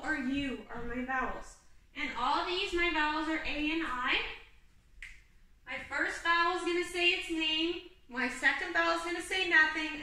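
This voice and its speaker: A woman teaching an online kindergarten class, slow and patient, talking to young children and singing simple teaching songs. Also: high-pitched, bright, forceful tone, heavy reverb, recorded from a distance, low-quality recording.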